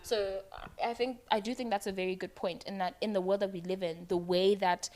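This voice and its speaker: A woman's voice: medium pitch, steady tone, brisk, a little mellow. A woman from South Africa speaking earnestly as a panelist on a youth talk show, thinking aloud with many fillers. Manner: earnest, thoughtful, uses "like" a lot. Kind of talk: casual panel discussion.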